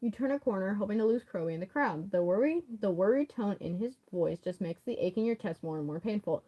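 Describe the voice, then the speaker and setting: A woman's voice: mid-range voice, expressive, fairly quick, dark tone, poor audio. A woman reading a fan story aloud, who laughs often, stumbles over words and breaks off to comment. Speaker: story reader.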